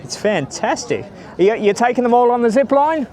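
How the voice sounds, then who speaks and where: A travel vlogger with a very high, darkish-toned voice chats animatedly at a moderate pace during a rambling outdoor walking tour near a stadium. He films on a handheld camera or phone and greets passers-by.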